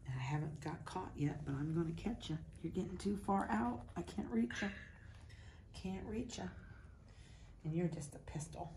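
A dog breeder with a Midwestern American accent chatting casually indoors, cooing baby talk at puppies and voicing their thoughts. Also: female voice, lowish voice, animated, moderate pace, vocal fry, warm tone, a little hiss or hum. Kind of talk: casual chat to puppies and camera. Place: indoors at a kennel.

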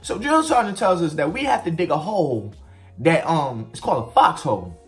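Man, casual storytime vlogger, very lively pitch, swearing freely, faint music underneath. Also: a little fast. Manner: animated, profane, swings pitch widely for emphasis.

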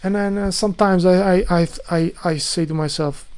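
A man's voice: sits high, steady tone, moderate pace, hardly any pauses, darkish tone, clear, resonant tone. A man speaking English as a second language vents to his audience about a housemate. He sounds fed up, swears freely and keeps restarting his sentences. His talk is loose and unscripted, like a video diary. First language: not English. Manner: exasperated ranting, swears often, restarts a lot. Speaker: vlogger. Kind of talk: casual rant to camera.

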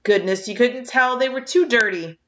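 A woman reading aloud voices a practical, stern older farm woman who talks in a brisk, matter-of-fact way, recorded on a dull lo-fi track. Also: a little high, fairly bright tone, a little hiss or hum, voice pushed up, close to an everyday voice.

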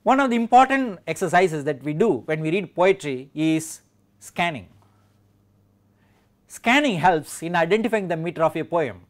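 A man with an Indian English accent giving a measured lecture on poetic meter and reading verse aloud with clear stress. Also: a little high, animated.

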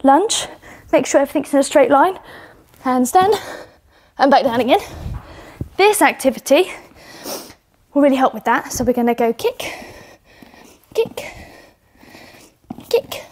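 Expressive and high-voiced, this young British woman speaks at normal speed with long pauses. At home indoors, she leads children through gymnastics, upbeat and encouraging though slightly breathless as she demonstrates.

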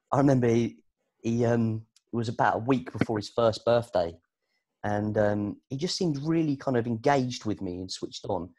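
A British man, a guest on a casual interview podcast, telling stories in a chatty, animated way with lots of fillers. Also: lowish voice. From Britain. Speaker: podcast guest, sports producer and presenter.

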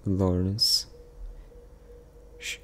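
A man reading a visual novel story aloud, narrating and voicing every part in a soft, heartfelt way. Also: low voice, level tone, very slow, a little hiss or hum.

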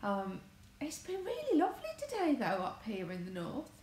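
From the conservatory of her home in England, a married crafts vlogger rambles through casual livestream chat, chatty and self-correcting as her thoughts wander. Her darkish voice is a little high, with wildly swooping pitch at a moderate pace. The recording has room echo and faint background noise.

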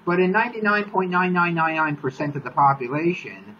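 A man's voice: on the high side, brisk, muffled recording, slight background noise. A man hosting a live-streamed lesson, explaining the science step by step and repeating key points so they link together. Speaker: host, exercise physiologist. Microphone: live-stream mic.

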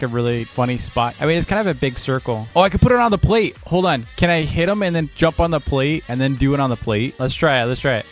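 A man giving casual, excitable gameplay commentary as a gaming video host, laughing often and breaking into sudden outbursts. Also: fairly high pitch. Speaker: gaming YouTuber.

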